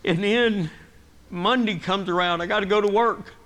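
A middle-aged guest preacher with a high-pitched, fairly bright voice delivers a sermon at normal speed in a church sanctuary. Earnest and emotional, he rises and presses as he becomes stirred.

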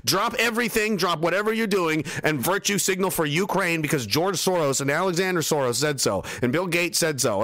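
A man's voice: medium pitch, fairly bright tone, no echo. A young man, reading chat messages on a livestream and ranting in an angry, sarcastic, heavily profane way into a close mic. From Canada.

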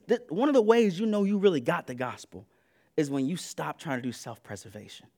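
A man preaching a sermon in an animated, conversational and slangy way, often repeating "listen" to press his points. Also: a little high, moderate pace, long pauses.

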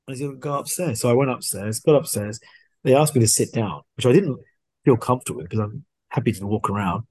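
A man, a podcast guest, casually telling a story and acting out the dialogue in an animated way. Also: medium pitch, quick pace, breathy edge, no room sound. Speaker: guest watch collector.

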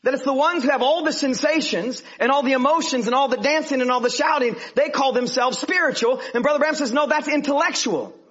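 A man preaching a sermon in an animated way, swinging from hushed to loud. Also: very high-pitched, fairly quick, hardly any pauses. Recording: dull lo-fi sermon recording.

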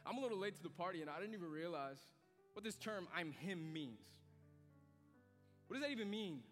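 A male pastor preaching a sermon, swinging from hushed, low passages to loud, emphatic climaxes. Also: sing-song, fairly quick. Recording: hall reverb with soft music beneath.

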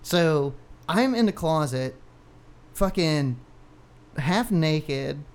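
A man's voice: on the high side, animated, very slow, clear, resonant tone. A man in his thirties, a podcast co-host, telling a long personal story in casual, profane, rambling talk with frequent laughs.

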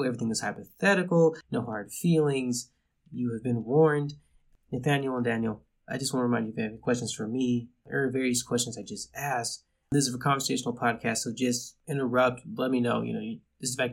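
A man hosting a casual podcast, chatty and joking, with rambling asides. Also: mid-range voice. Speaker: podcast host.

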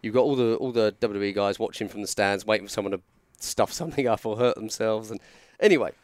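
A man's voice: lowish voice, quick pace, dry recording, clean studio sound. A man, telling a wrestling story on a podcast in a rambling, self-mocking way. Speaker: podcast co-host, former wrestler. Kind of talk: casual storytelling chat.

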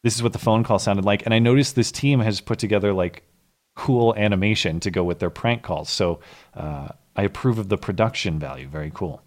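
A man's voice: on the low side, a little fast. A man hosting a podcast, giving comedic news commentary with sarcastic asides and bursts of laughter. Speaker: podcast host.

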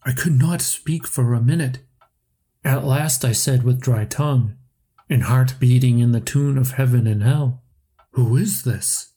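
Give me a slow, husky male narrator reading a scripted story. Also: mid-range voice, mellow. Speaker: podcast narrator.

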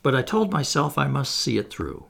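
A man narrates a classic novel in the first person, at a measured pace. His voice is gravelly, and his intonation moves widely through each sentence. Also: mid-range voice, very animated, a bit bright. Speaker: audiobook narrator. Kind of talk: audiobook reading of a classic novel.

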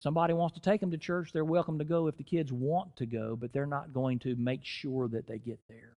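A middle-aged man preaching a sermon in a church, rising and dropping in loudness and slowing down to stress key phrases. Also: fairly high pitch, fairly even intonation, highs cut off. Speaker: guest preacher.

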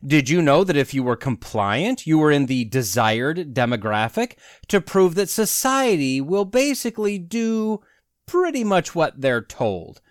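A man's voice: a little high, big pitch swings, a little slow, no echo, clean studio sound. A man in his forties hosting a podcast, delivering a sardonic casual monologue full of rhetorical questions. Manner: sardonic, rhetorical questions, chuckles at own jokes. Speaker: podcast host.

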